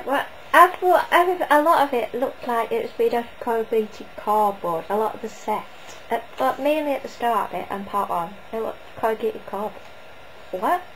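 A woman's voice: on the high side, slight background noise, low-quality recording. A woman giving a casual, rambling spoken review, often hesitating and restarting.

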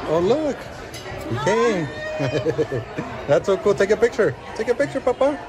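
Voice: medium pitch, sing-song, unhurried. A person filming a family outing in a casual vlog, talking playfully, coaxing and laughing often. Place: busy theme-park restaurant and walkways. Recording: crowded noisy venue. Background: crowd chatter.

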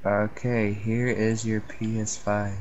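A man's voice: fairly low pitch, little pitch movement, slow pace, darkish tone, muffled recording, slight background noise. A man gaming with a friend, giving dry, unimpressed replies in casual chat.

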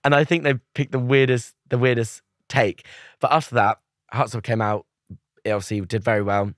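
A young man, a guest on an interview show, telling a story in a lively, chatty way. He acts out other people's lines and laughs often. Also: mid-range voice, a little fast, no room sound, studio quality.

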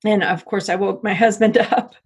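A middle-aged American woman telling a personal story in an interview, halting with frequent restarts. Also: mid-range voice, fairly even intonation, breathy edge. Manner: halting, many restarts and repeats. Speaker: interview guest.

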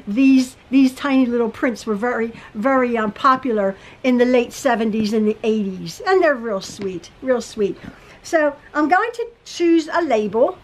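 A woman's voice: sits high, rough recording. A woman teaching quilting in a casual, rambling tutorial from her home sewing room, with frequent restarts and fillers.

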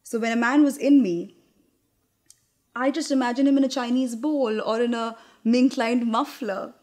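A young actress performing a theatrical monologue in a candid, confiding, wry manner, with hesitant restarts. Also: female voice, on the high side, fairly even intonation, moderate pace, a little mellow.

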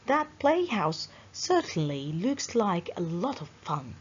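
A woman with a husky voice reads a children's storybook aloud. Her delivery is slow and sing-song, with pitch that swoops up and down. The recording sounds muffled and lo-fi. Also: big pitch swings, darkish tone.

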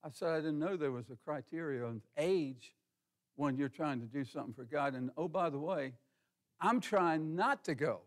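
A man's voice: fairly high pitch, fairly quick, darkish tone. A man pastor preaching a sermon in a church in a folksy, conversational way, asking the congregation questions and calling on members by name. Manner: colloquial, says ain't. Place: church sanctuary.

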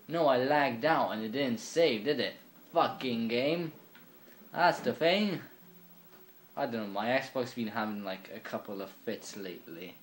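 Slow, rambling young gamer man. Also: medium pitch, animated, a little hiss or hum. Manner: rambling, swearing, quiet and offhand. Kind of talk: casual gameplay commentary. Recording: echoey room with faint ambience.

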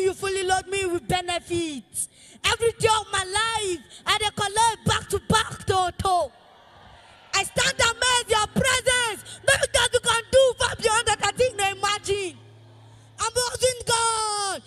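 A woman with a Nigerian accent leading chanted praise worship at a church service, with fervent, half-sung lines, often shouted, calling on the congregation to repeat after her. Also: extremely high pitch. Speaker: worship leader.

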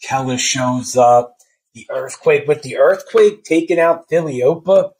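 A man giving a casual, spoiler-filled book review, excitable and slangy, swearing freely and acting out his own reactions. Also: medium pitch, measured pace, low-quality recording.

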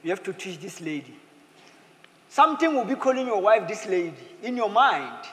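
A man preaching a sermon as pastor, in a lively manner, slipping into playful acted quotes. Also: high-pitched, moderate pace. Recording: echoey hall with faint ambience.

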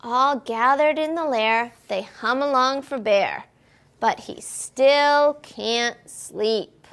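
A woman reads a picture book aloud at a library storytime, where she serves as the children's librarian. Her high voice is expressive and sing-song at a slow pace, and she asks the children questions.

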